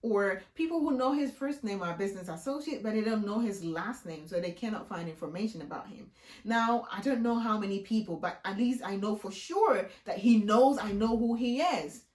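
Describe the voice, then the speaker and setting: A woman vlogger telling a story in a casual, animated way, her voice jumping high when she is outraged. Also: normal speed, echoey room.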